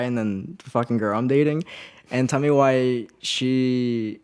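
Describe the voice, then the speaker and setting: A man's voice: medium pitch, moderate pace. A young man co-hosting a podcast, telling a story in a casual chat with lots of laughs and casual swearing. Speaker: podcast co-host.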